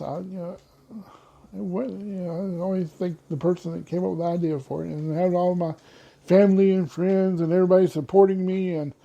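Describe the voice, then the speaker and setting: A man hosting his own podcast alone, chatting casually and drifting from thought to thought. His voice is gravelly, sits a touch high for a man, and has a dark, mellow tone. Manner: rambling, loses his train of thought. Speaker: podcast host. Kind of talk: casual solo podcast talk.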